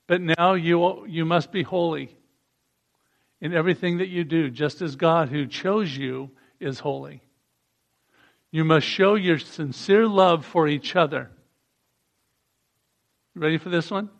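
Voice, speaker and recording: A man's voice: on the high side, gravelly. A man preaching a sermon, reading scripture aloud and asking the congregation to repeat lines after him. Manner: reads passages aloud and leads call-and-response.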